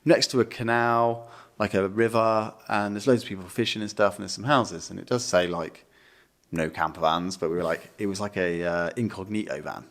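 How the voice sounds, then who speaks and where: A man's voice: lowish voice, brisk. Rambling guy telling a story. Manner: rambling, swears freely, many fillers. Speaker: podcast co-host. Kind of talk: casual storytelling chat.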